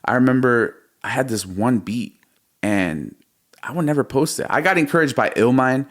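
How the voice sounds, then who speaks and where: Thirties male guest, mid-range voice, spins an excited story with plenty of slang. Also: mid-range voice, moderate pace. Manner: animated, slangy storyteller, calls the host bro and dog. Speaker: music producer, podcast guest. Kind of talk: casual storytelling interview.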